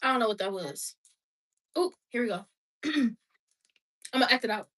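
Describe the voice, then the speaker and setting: Bright high-voiced woman vlogger. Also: normal speed. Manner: playful, talks to viewers, breaks into laughter and snatches of song. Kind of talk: casual reaction vlog.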